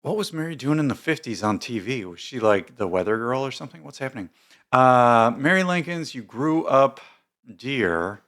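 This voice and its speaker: A man's voice: medium pitch, lively intonation, moderate pace, a bit bright. A man hosting casual commentary, reading posts aloud with bemused, rambling asides and many fillers. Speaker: commentary host.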